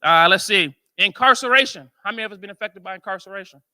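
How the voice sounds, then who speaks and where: American guy joking and telling stories to a crowd at a conference, really high sharp voice. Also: quick pace, clear, resonant tone. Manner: animated and joking, questions the crowd. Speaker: speaker at a men's conference. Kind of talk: storytelling talk to a live audience.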